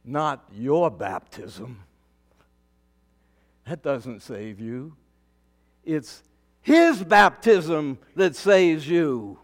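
A male pastor delivering a sermon, preaching with emphatic rises and sudden quiet drops. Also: a little high, big pitch swings, drawn-out words, pauses often.

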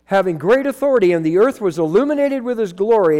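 A man preaching a sermon into a microphone, his high voice leaping up and down as he fires rhetorical questions at the congregation. The sound rings with a long hall reverb. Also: lively intonation, fairly quick, hardly any pauses, a little mellow. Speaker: pastor.

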